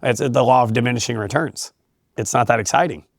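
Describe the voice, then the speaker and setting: A man who coaches high school wrestling, talking in a relaxed interview in an emphatic, motivational way and laughing often. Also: fairly quick, vocal fry, no room sound. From California. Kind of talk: casual interview talk.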